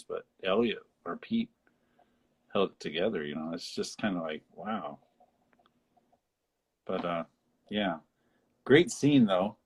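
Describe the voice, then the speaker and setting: A man co-hosting a casual podcast, recapping a film in a rambling, animated way with frequent laughter. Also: fairly low pitch, slightly rough. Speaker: podcast co-host. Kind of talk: casual film discussion chat.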